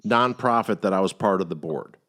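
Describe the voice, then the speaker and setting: A middle-aged man tells a rambling story on a casual podcast. His voice sits on the low side, and he swears freely and flares up when he quotes himself. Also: brisk. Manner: profane, animated anecdote-telling. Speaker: podcast host.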